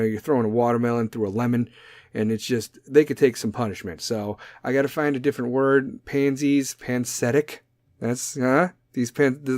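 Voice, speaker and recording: A man's voice: mid-range voice, darkish tone, no room sound. Blunt, profane man ranting on his podcast. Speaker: podcast host. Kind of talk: casual opinion monologue.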